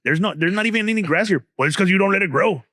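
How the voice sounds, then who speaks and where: A gruff school security guard barking the same order over and over, pitched well above his usual voice, as a man puts him on. The sound is dry and close. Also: animated, rapid-fire, pushed and bright, dry recording. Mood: scolding.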